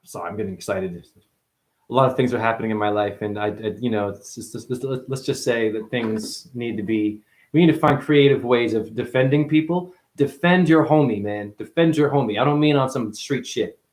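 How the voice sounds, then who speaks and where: A man delivering a rambling spiritual monologue, profane and full of wordplay, who calls the listener honey and swings from mutters to excited outbursts. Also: medium pitch, normal speed. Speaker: spiritual speaker. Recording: roomy echo.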